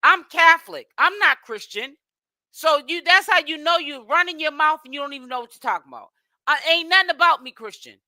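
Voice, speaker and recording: A woman's voice: high voice, animated, fairly quick, bright, forceful tone, no echo. A woman giving casual commentary in a sassy, mocking way. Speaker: commentary streamer.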